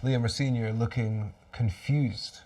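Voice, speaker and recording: A man hosting a live fan watchalong, calling the match as it happens. He swings between excited shouts and weary, resigned muttering, with a voice in the middle range. He sits a little back from the microphone, so his voice sounds slightly distant. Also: medium pitch, unhurried. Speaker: host of a fan watchalong stream.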